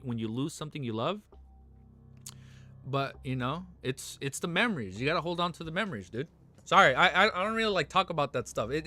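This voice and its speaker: A young man streaming live who chats casually with viewers. He is excitable, peppers his talk with "bro" and "man", and turns earnest and consoling when things get serious. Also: mid-range voice. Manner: excitable, talks to chat with constant "bro" and "man". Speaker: livestreamer.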